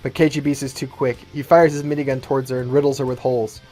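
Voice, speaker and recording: A man narrating his own fan-written action script, brisk and matter-of-fact, at an even, middling pitch. Soft guitar music sits faintly behind him. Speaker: storyteller.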